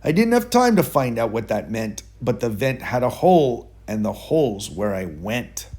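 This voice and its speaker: A man reads a rhyming children's story aloud in a mid-pitched voice. His delivery is rhythmic and expressive, and it bounces along with the verse. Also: moderate pace, breathy edge.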